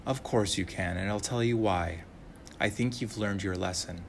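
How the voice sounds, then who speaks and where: A man's voice: fairly low pitch, normal speed, creaky, slight background noise. A man voicing a big mother bear in a read-aloud storybook, sounding firm and reassuring.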